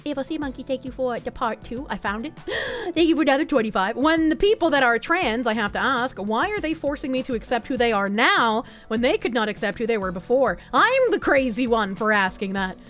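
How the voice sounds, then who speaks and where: A woman's voice: a little high, lively intonation, a little fast, fairly bright tone, faint music behind. A woman VTuber streamer chatting casually on a live stream and thanking donors, playful and bubbly with cutesy baby talk and sarcastic asides.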